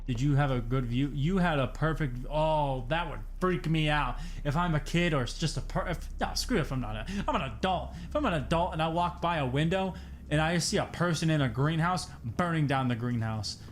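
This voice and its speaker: Young man, slightly high voice, tired, jokey horror-game commentary, faint background hum. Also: a little fast. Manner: jokey, talks to himself, jumpy outbursts. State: tired, yawning. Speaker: gaming streamer.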